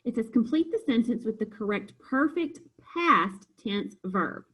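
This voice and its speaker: A woman's voice: on the high side, lively intonation, unhurried, fairly bright tone, slightly rough, low-quality recording. A woman teacher patiently walking students through a homework review, step by step. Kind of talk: recorded homework review lesson.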